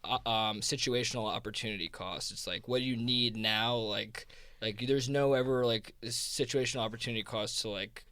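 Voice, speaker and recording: A man's voice: medium pitch, steady tone, moderate pace, sharp tone, clean tone, dry recording. A man with a South Jersey accent, a guest on a podcast interview, explaining his ideas in a rambling casual way, full of "like" and restarts. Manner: rambling, heavy on "like", frequent restarts. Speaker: guest, crypto fund co-founder.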